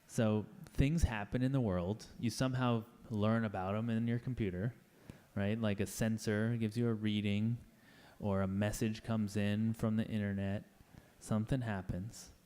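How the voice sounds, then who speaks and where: A man's voice: lowish voice, steady tone, a little slow, warm tone. A man giving a casual, playful talk to a live audience, chatty and acting out little scenes in voices. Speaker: conference speaker.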